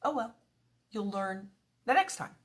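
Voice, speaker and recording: A woman's voice: medium pitch, sing-song, unhurried. A woman giving a conversational devotional talk, chatty and earnest, slipping into little quoted prayers as she teaches. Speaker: devotional speaker.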